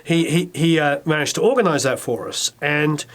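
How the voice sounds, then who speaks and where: Lively English man, higher voice. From England. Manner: animated storyteller, quick asides, acts out quotes. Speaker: record producer, interview guest. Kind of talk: casual interview chat.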